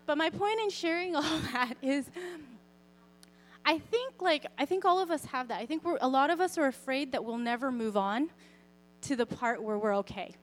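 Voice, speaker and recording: A young woman giving a personal faith talk, speaking expressively and conversationally, often softening to a quiet, gentle tone. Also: sits high, animated, normal speed. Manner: conversational, with fillers and self-corrections. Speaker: Christian speaker sharing a parenting story.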